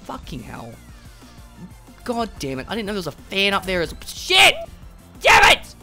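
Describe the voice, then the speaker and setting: A gaming host giving let's play commentary, excitable and swearing, swinging from mutters to shrieks. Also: mid-range voice, moderate pace, over music.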